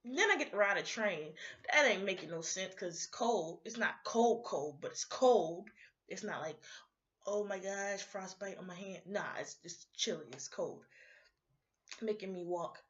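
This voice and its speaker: A young adult woman vlogger in a rambling, animated casual rant, sounding sleepy. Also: lowish voice, normal speed, lo-fi sound.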